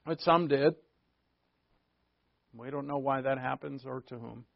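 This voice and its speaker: A man preaching a conversational sermon, earnest, asking rhetorical questions and shifting from emphatic to hushed. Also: medium pitch, unhurried, vocal fry, no echo, muffled recording. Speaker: pastor.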